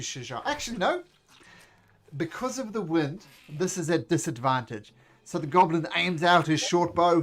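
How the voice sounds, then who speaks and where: Animated man running a tabletop game. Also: fairly high pitch, slight background noise. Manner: animated, breaks into goblin voices, counts out movement. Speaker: game master. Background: faint music.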